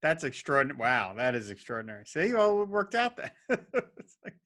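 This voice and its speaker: A man's voice: medium pitch, big pitch swings, brisk, a bit bright. A man hosting a podcast interview, eager and self-deprecating like a longtime fan. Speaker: podcast host. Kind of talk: interview chat.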